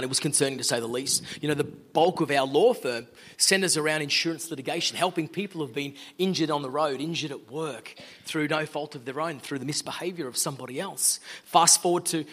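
A man's voice: medium pitch, a bit bright, breathy edge. A middle-aged Australian man giving an earnest, conversational sermon-style talk as a guest speaker. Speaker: guest speaker, law firm owner.

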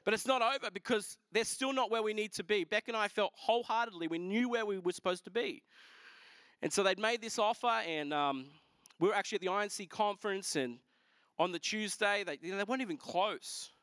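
A man's voice: sits high, brisk, fairly bright tone, no echo, studio quality. A man, telling a story as a pastor in a sermon, acting out the other people in quotes. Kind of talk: sermon testimony.

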